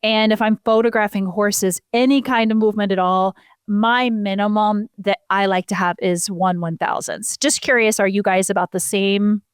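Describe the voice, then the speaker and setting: A woman's voice: medium pitch, steady tone, normal speed, smooth, no room sound, clean studio sound. A woman co-hosting a casual podcast, explaining horse photography in a chatty, self-deprecating way.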